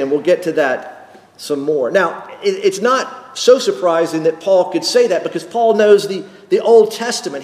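A male pastor preaching a sermon slowly and emphatically, repeating key phrases for weight. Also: sits high. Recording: echoey hall with long reverb.

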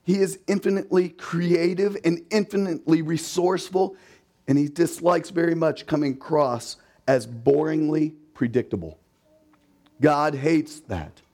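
A man's voice: a little high, unhurried, darkish tone. A man preaching a sermon in a conversational way, with rhetorical questions and emphatic repetition, and acting out the voices he quotes. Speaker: pastor.

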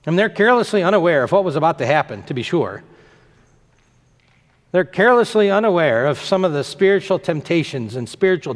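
A pastor preaching a sermon, emphatic and fond of repeating phrases for effect. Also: male voice, fairly high pitch, in a large hall.

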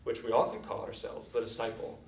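A man's voice: medium pitch, animated, fairly quick. A man preaching a sermon as a pastor, telling a story in a casual, conversational way. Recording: echoey room from a distant mic.

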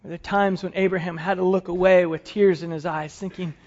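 A male pastor delivers a sermon as a dramatic story, often falling into hushed tones. His voice sits high, and the recording has a dull, lo-fi sound. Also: fairly even intonation, a little fast.

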